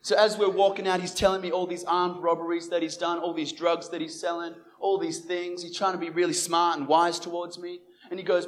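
A man's voice: on the high side, fairly quick, few pauses, slight background noise. A young man, telling a personal faith testimony and acting out the dialogue he quotes. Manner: animated, acts out the dialogue he quotes. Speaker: Christian evangelist.

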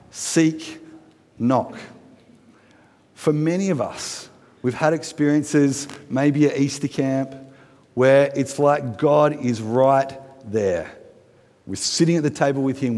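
Man, thirties, mid-pitched, chatty sermon, quizzes the congregation, wry asides, long hall echo. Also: darkish tone. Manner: conversational, asks the congregation questions, light humorous asides. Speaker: pastor.

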